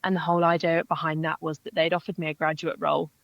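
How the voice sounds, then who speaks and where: A young woman from England, a guest talking briskly about her past in a recorded interview. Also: deep voice, flat delivery, vocal fry, dry recording, muffled recording.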